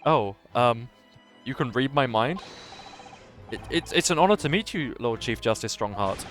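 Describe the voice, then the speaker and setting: A man's voice: medium pitch, animated, moderate pace, a bit bright, lightly acted. A man voicing a nervous young male law student in a game, stammering and flustered over faint music.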